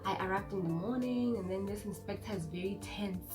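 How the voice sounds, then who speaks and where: A woman's voice: medium pitch, a little fast, music in the background. Chatty South African woman in her twenties. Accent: South African, Zulu-inflected. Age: 20s. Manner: chatty, animated, code-switching with acted quotes. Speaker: vlogger. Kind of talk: casual storytime vlog.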